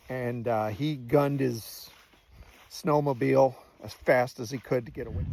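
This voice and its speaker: An older man in his sixties spins a Navy story in plain, salty talk. His voice sits at an ordinary middle pitch, and he swears without a second thought. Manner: blunt, swears freely, acts out dialogue. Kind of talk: casual spoken war story.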